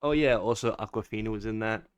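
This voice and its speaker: A young man in a casual film review, talking with a smooth, resonant voice. He rants in exasperation and swears freely, mocking what he dislikes. The sound is close and dry, with no room echo. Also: fairly low pitch, fast talker. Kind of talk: casual monthly movie review.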